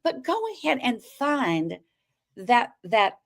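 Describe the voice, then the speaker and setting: A woman telling her story on a talk show as a guest, expressive, acting out quoted dialogue and turning to address the listeners. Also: a little high, slow, gravelly.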